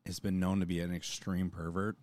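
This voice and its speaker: A young man on a podcast, telling an animated story and quoting people as he goes. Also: sits low, brisk, dry recording. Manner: animated storytelling, lots of swearing and quoting others. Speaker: podcast co-host. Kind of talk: casual chat.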